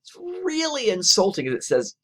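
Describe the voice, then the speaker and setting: Animated male lecturer with lively pitch. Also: moderate pace. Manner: animated, conversational, acts out quotes in a higher voice; frequent "right?" tag questions. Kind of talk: recorded lecture.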